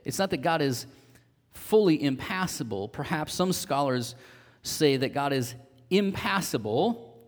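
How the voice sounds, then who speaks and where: A man delivers a sermon in an earnest, explanatory manner, stressing key words with animated emphasis. His voice sits a little high for a man. The sound carries the long reverb of a church hall. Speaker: pastor.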